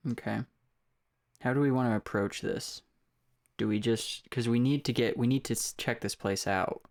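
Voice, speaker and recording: A man's voice: mid-range voice, normal speed, vocal fry, darkish tone. A man at a tabletop game, talking casually in a mid-range voice. He asks the table questions and now and then loses his words before finding them again. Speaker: player.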